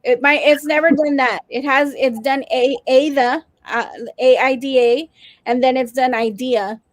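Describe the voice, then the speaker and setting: Sarcastic high-voiced woman with a South Texas accent. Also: fairly even intonation, unhurried, no echo. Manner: sarcastic, laughs often. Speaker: union co-host reading viewer comments. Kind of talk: casual live-stream chat.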